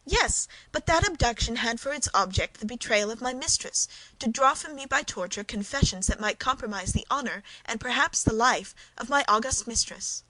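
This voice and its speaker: A woman's voice: on the high side, animated, moderate pace, hardly any pauses, sharp tone, dry recording, voice pushed up, rough recording. A woman reading the part of a passionate young woman of twenty-three in a storybook reading, speaking with indignant force.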